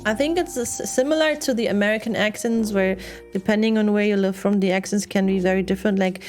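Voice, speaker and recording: A woman's voice: mid-range voice, fast, darkish tone, soft background music. A young woman streamer with a non-native English accent, chatting casually and laughing often while she builds a model kit. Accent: non-native English speaker.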